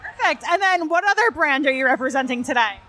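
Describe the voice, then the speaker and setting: Woman interviewer from New Jersey, high and bright, upbeat and chatty. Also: expressive, fast. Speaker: podcast interviewer. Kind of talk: casual interview chat.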